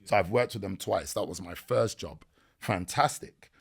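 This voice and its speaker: Gravelly-voiced man telling stories. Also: low-pitched, normal speed. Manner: animated storytelling with slang. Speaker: podcast guest. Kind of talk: casual podcast interview.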